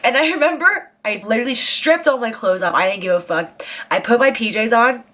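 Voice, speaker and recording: A vlogger in her twenties tells a story in casual chat, her fairly quick voice sitting on the high side. She is animated and profane, leaning hard on dramatic emphasis.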